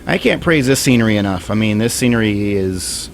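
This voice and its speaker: A man's voice: on the low side, lively intonation, brisk, creaky, slight background noise. A man streaming a flight simulator, thinking aloud in casual, rambling commentary.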